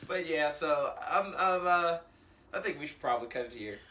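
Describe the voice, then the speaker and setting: A man's voice: a little high, animated, normal speed, sharp tone. A young man co-hosting a casual podcast, loose and joking, laughing often. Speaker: podcast co-host. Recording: roomy echo.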